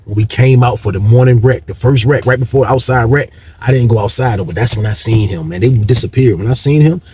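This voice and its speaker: A man's voice: medium pitch, brisk, warm tone, husky. A man telling a story in a slangy, casual way, acting out other people's lines. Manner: slangy, acts out dialogue with shifting voices.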